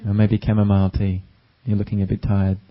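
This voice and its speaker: A wise, gracious emperor offers a warm and hospitable welcome, as a man puts him on. The voice stays low and flat, and the recording sounds dull and lo-fi. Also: fairly quick, natural voice. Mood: welcoming.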